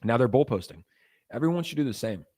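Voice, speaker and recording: A man's voice: mid-range voice, lively intonation, fast, dark tone, husky. A young man hosting a casual crypto livestream. He rambles loosely, with lots of fillers, and reads chat messages aloud.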